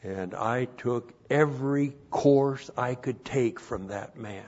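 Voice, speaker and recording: Slow-speaking man preaching a sermon. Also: medium pitch. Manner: repeats phrases, swells loud for emphasis. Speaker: pastor. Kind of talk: sermon with Bible teaching. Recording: dull lo-fi recording.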